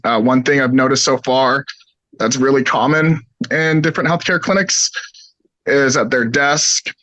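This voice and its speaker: Hoarse, halting man giving a short work update on a video call; dry sound. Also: mid-range voice, a bit bright, dry recording, low-quality recording. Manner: hesitant, many ums. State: hoarse, coughing. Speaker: presenter. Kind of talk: virtual meeting presentation.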